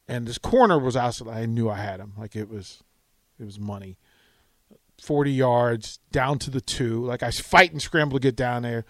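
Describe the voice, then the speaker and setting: A man hosting a sports radio show, telling an animated story in casual chat. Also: mid-range voice, normal speed, dry recording. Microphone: studio microphone.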